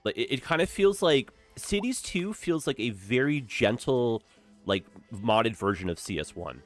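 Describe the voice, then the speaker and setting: A man's voice: medium pitch, animated, measured pace, faint music behind. A young man chatting casually while live-streaming a city-building game, upbeat and full of "like" and "eh?".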